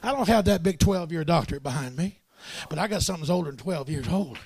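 Brief: male preacher, high, gravelly voice, call-and-response delivery swinging from hush to shout. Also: expressive, quick pace, slight background noise. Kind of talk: sermon.

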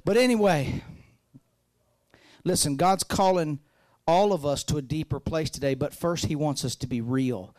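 A man preaching a sermon, folksy and joking, rising to loud fervent peaks. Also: a little high, moderate pace, no echo. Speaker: pastor.

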